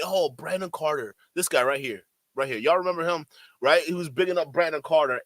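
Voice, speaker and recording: Loud, heated man ranting to chat. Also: on the high side, no echo. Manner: loud, heated, swearing rants. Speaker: streamer reacting to a debate clip. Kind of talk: commentary to chat.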